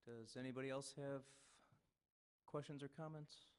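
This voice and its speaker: A man's voice: mid-range voice, steady tone, normal speed, smooth. A man, the mayor, chairing a city council meeting and calling for public comments in a brief, procedural way. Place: council chamber.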